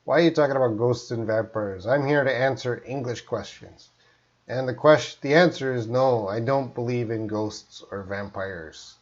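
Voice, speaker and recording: A man's voice: mid-range voice, moderate pace, muffled recording. A man from Canada teaching English in a live stream, reading out viewer questions and answering them plainly.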